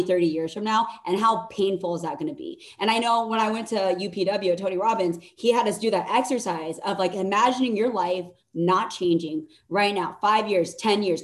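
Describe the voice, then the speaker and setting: A woman at a middle pitch speaks as a podcast guest in a casual motivational chat. She sounds energetic and blunt, using swear words for emphasis as she urges listeners to act.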